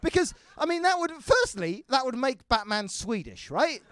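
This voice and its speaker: An English man doing stand-up, talking fast and all over the place, swearing and mocking himself. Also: very high voice, sing-song, fairly bright tone, clear, resonant tone, no echo. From England. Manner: rapid, scattered, self-mocking, swears a lot. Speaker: stand-up comedian. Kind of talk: stand-up set. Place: comedy club stage.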